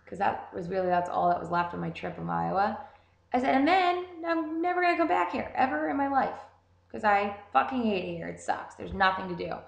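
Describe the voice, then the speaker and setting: A young woman telling a story in a casual, animated way, swearing constantly. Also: medium pitch, brisk, gravelly. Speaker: vlogger. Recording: roomy echo.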